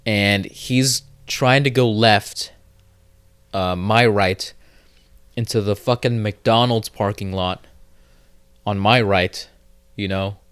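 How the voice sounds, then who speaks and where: Slow, low-voiced man ranting profanely. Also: fairly even intonation, a bit bright, clear, resonant tone, dry recording. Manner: rambling, profane storytelling with many fillers. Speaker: podcast host. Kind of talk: casual solo podcast monologue.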